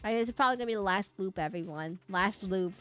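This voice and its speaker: A young woman talks her way through a game stream in a loose, giggly ramble, circling back and restarting her sentences as she goes. Her pitch sits in a plain middle range. Faint game music hums underneath. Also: rapid-fire, fairly bright tone. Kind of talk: casual chat while streaming a game.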